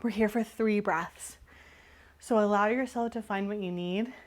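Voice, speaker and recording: A woman instructor giving calm, encouraging yoga cues while moving, slightly out of breath. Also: mid-range voice, a little slow. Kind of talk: guided yoga class cues.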